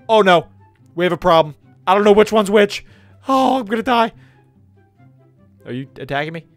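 A young man hosting a game video, excitable commentary that jumps from yelps to whispers. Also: high-pitched, fairly quick, dry recording, faint music behind. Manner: excitable, yelps and shouts when attacked, drops to whispers when sneaking. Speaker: gaming channel host.

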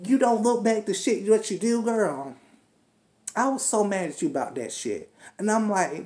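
Woman going off on a reality show recap, lots of cussing, lowish voice. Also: big pitch swings, unhurried, dark tone. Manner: heated, profane, scolding, talks straight to the cast. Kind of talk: ranting recap commentary.

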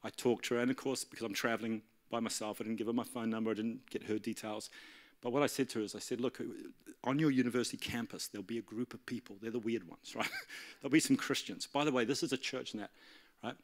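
A man's voice: mid-range voice, steady tone, fast talker. A man preaching in a church, telling a story animatedly and acting out the dialogue. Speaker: pastor. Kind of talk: storytelling sermon.

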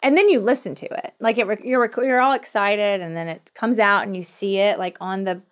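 A middle-aged woman with a Southern US accent, chatting as a podcast guest, quick-talking and often laughing. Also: medium pitch, fairly even intonation. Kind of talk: casual conversational interview.

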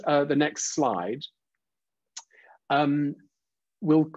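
A man's voice: a little high, a little mellow, husky, dry recording. Man lecturing over a dull call line. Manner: frequent "uh" and "um", restarts; taps out rhythms aloud. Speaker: presenter leading a teacher training webinar. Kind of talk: informal online lecture. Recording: dull, dry, lo-fi video call audio.

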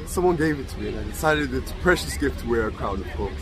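A man's voice: medium pitch, lively intonation, quick pace, soft background music. A man from Australia answering street interview questions outdoors, in an earnest, matter-of-fact manner.

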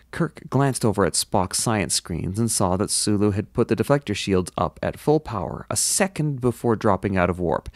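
A man reading a science fiction novel aloud in steady narration, with occasional self-deprecating asides. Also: on the low side, dry recording, studio quality. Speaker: audiobook reader.

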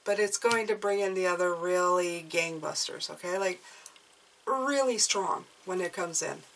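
A woman's voice: lowish voice, a little slow, far from the mic, background noise. A woman giving an intuitive tarot reading to viewers, chatty and encouraging, often checking in with "okay?". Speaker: tarot reader.

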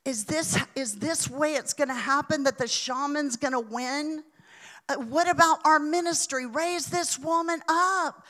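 A woman's voice: high voice, unhurried, pushed and bright, voice pushed up. A woman voicing a desperate male missionary who cries out to God in anguished, pleading prayer. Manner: crying out, pleading.

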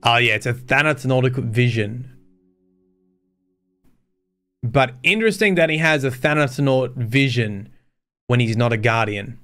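A man's voice: mid-range voice, lively intonation, normal speed, a bit bright, faint music behind. A man reading game lore aloud on a stream, breaking off to swear and think aloud in casual chat.

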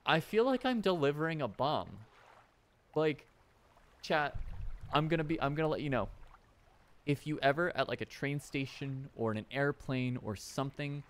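A man's voice: a little high, moderate pace, pauses often, smooth. A man streaming a video game, talking animatedly to his viewers and swearing casually.

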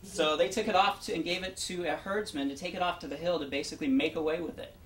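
A man's voice: fairly high pitch, steady tone, fast talker, fairly bright tone. A man gives a casual, chatty pre-show introduction as an actor, retelling the backstory and speaking directly to the audience. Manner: chatty, storytelling, addresses the audience. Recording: roomy, distant, faint background hum.

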